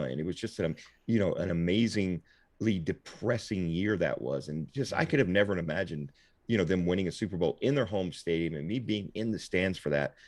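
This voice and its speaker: Deep-voiced man rambling on reflectively. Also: dry recording. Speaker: guest host. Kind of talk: casual podcast chat.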